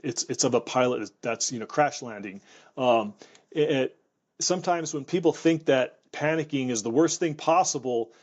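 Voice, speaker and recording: A man's voice: mid-range voice, darkish tone, muffled recording. A man who is a wildfire expert, recounting his experiences in an interview with frequent restarts and repeated words. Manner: halting, repeats words while thinking. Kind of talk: reflective interview storytelling.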